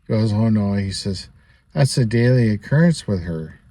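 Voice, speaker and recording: This vlogger has a fairly low, mellow, expressive voice at normal speed, with no room sound. Telling a personal story to camera, he's chatty and meandering, peppering it with asides, little laughs and "you know."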